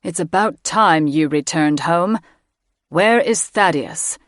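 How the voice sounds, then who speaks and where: A woman's voice: lowish voice, takes it slowly, no room sound, studio quality. A woman voicing a proud, enraged dragon king father who bellows his words. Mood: angry.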